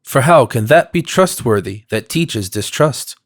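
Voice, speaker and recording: A man's voice: mid-range voice, animated, a little slow, natural voice. A man voicing a glib, flowery cosmopolitan. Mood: earnest. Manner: effusive, rhetorical. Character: glib, smooth-talking male cosmopolitan.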